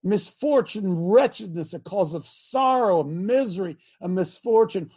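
A man's voice: high voice, lively intonation, takes it slowly, darkish tone, husky. Male call-in host, preachy and emphatic, hammers points by repeating himself. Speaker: talk show host. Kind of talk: call-in religious talk show.

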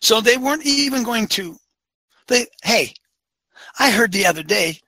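A man's voice: sits high, lively intonation, unhurried, long pauses, pushed and bright, no echo. A man delivering a fiery opinionated monologue as a show host, firing off rhetorical questions and repeating phrases for emphasis.

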